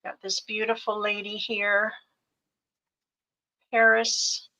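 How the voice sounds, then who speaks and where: Slow, bright-voiced woman selling craft kits. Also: medium pitch, little pitch movement, slight background noise, poor audio. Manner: gentle, fond, lists items piece by piece. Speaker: co-host showing craft kits for sale. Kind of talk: live sales show, describing fabric bundles.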